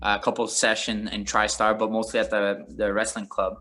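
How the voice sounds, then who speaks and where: A man, a former MMA fighter, telling stories in a casual interview, animated and rambling with frequent laughter. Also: on the low side, fairly quick. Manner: animated, rambling, laughs often, many fillers.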